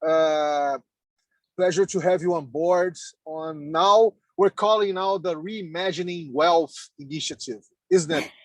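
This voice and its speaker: Halting man on a video call. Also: fairly high pitch, no echo. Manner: halting, repeats words, laughs often. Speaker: meeting participant. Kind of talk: casual video call chat. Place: in a car on the road.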